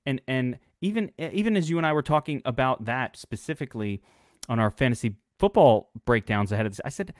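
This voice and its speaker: Brief: opinionated male podcast co-host with a lively, swinging pitch and a dry, close sound that swears a lot. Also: a little fast, no echo. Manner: opinionated, animated, swears freely, stammers on restarts. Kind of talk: casual fantasy sports chat.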